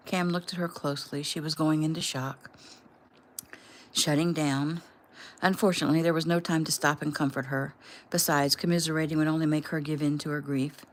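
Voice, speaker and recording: Low-voiced woman reading her novel. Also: steady tone. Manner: plain, unhurried reading. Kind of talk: casual audiobook reading. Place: home room.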